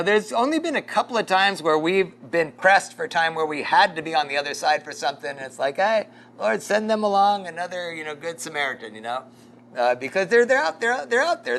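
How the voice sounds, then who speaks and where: A pastor leading a casual Bible study, rambling through a story with lots of fillers and chuckles. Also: male voice, high-pitched, animated, fairly quick, a bit bright, a little hiss or hum.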